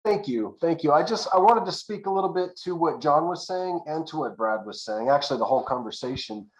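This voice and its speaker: A man on a panel, telling a personal story in a measured, reflective way. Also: on the high side, expressive. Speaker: panel guest. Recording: echoey room.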